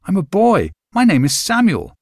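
Guy doing a little boy, nine, teary and earnest, high and eager. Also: huge pitch swings, moderate pace, dry recording, studio quality, full character voice. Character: nine-year-old boy, tearful and earnest.

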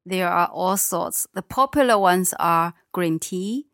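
A woman's voice: fairly low pitch, takes it slowly, a bit bright, no echo, studio quality. A woman with a Chinese accent teaching a language lesson, patient and encouraging, giving short affirmations and modelling pronunciation. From China. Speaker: Mandarin teacher.

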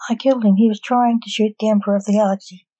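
A woman's voice: mid-range voice, fairly even intonation, very fast, dark tone, no echo, lo-fi sound, lightly acted. A woman reading the lines of a stern male agent and father in a story, close to her own voice.

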